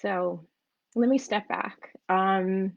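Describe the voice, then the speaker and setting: A woman's voice: mid-range voice, fairly even intonation, drawn-out words, gravelly, no room sound. Woman, New York–New Jersey accent, chatty coach on a live stream; dry, dull-ish mic. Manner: chatty, storytelling, many restarts. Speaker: online business coach. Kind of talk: live-streamed casual talk.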